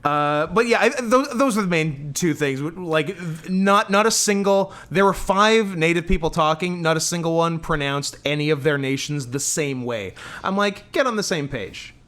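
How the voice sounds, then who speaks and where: A man's voice: a little high, normal speed, hardly any pauses, fairly bright tone. A young man co-hosting a podcast in casual banter, rambling and trailing off, laughing often. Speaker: podcast co-host.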